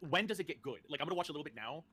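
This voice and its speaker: A man giving animated, mocking commentary on a live stream. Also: fairly high pitch, very fast, a little hiss or hum.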